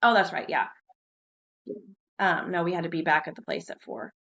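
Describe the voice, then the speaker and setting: A woman co-hosting a podcast, telling a fishing story in casual chat, lively and swearing casually. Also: moderate pace, muffled recording. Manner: animated, jumps high when quoting herself, swears casually. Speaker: podcast co-host.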